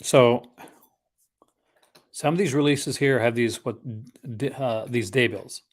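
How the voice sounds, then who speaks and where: Man, live stream host, casual unboxing chat, rambling, enthusiastic, average pitch. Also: slow pace. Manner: rambling and conversational, full of asides; enthusiastic film collector.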